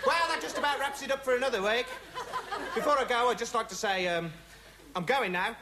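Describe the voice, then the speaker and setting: A man's voice: extremely high pitch, a little fast. An actor playing a dim young male amateur investigator who rambles through a comic monologue with pointless asides. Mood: rambling. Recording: loud studio audience laughter, noisy broadcast. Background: studio audience laughing.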